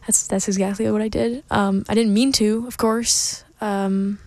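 A woman's voice: mid-range voice, level tone, unhurried, a little mellow, no echo. A young woman hosting a college radio show, tired and sleepy, giggling and joking as she talks. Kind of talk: casual radio chat.

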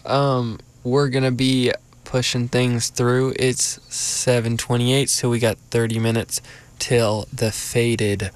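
A man's voice: medium pitch, level tone, slow pace, clear, resonant tone, dry recording. A young man hosting a college radio show, chatting casually and rambling with lots of fillers. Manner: easygoing, rambling, filler-heavy.

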